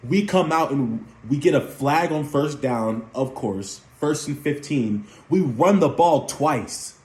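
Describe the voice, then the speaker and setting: A man's voice: fairly high pitch, expressive, slow, a little mellow. A young man and former player ranting as a fan about his team's penalties, repeating points with heat and emphasis. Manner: heated, repetitive, emphatic. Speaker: sports commentator. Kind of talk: fan sports rant. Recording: roomy echo.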